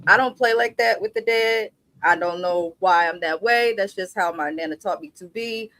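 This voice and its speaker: A woman's voice: mid-range voice, normal speed, fairly bright tone, no room sound. A woman co-host on a review livestream, speaking bluntly and emphatically with plenty of profanity. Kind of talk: casual review chat.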